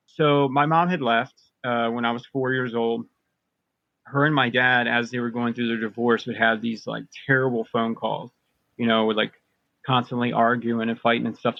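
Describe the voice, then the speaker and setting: A man tells a long personal story in a loose, rambling way, full of fillers and restarts. His voice sits at a middling pitch. The sound is dry and a little dull, like a lo-fi remote recording. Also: no echo. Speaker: podcast guest recounting personal experiences. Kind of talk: casual storytelling.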